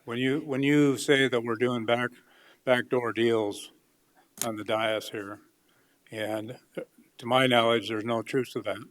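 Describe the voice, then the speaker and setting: Measured, hesitant man at a board meeting. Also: mid-range voice, steady tone, a little hiss or hum. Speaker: county commissioner. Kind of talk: response at a public meeting.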